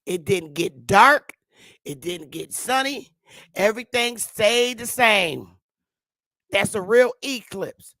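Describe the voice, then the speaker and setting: Woman host of her own vlog; slow, laughing, swearing rant at viewers, recorded dry and close. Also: mid-range voice, lively intonation, a bit bright, no echo. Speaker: vlogger. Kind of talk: profane comic rant to viewers. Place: at home, sitting in a chair.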